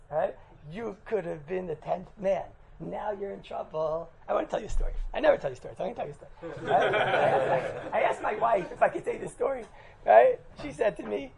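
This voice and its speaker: A man's voice: high-pitched, expressive, fast, vocal fry, darkish tone, rough recording. An American man, a rabbi, telling a funny story to his congregation in a chatty way, often checking in with "right?" and laughing at his own jokes. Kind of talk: humorous storytelling talk to a congregation.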